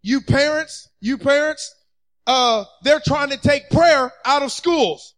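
A man preaching a sermon from a church stage, fervent and building up to shouts, acting out the people he quotes. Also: extremely high pitch, takes it slowly, poor audio.

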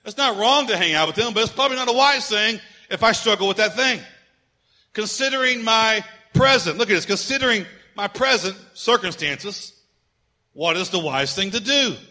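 Middle-aged male preacher with a high, bright voice, folksy and dynamic, from loud punches to soft asides. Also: expressive, normal speed. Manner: conversational preaching with humorous personal stories; dynamic, swings between loud emphasis and quiet asides. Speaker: pastor. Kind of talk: sermon.

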